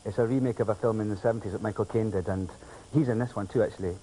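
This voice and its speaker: A man's voice: fairly low pitch, fairly even intonation, very fast, mellow, a little hiss or hum, poor audio. Giggly, cheeky male talk show guest. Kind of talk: chatty anecdotes on a talk show. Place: television studio.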